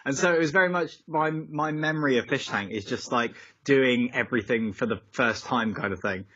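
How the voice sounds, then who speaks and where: A young man talks loosely over a video call, wandering off on tangents and padding his sentences with ums and likes. His voice comes across bright and forward. The call audio is dry and a little dull. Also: medium pitch, moderate pace, no echo. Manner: rambling, goes off on tangents, many fillers. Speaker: musician guest.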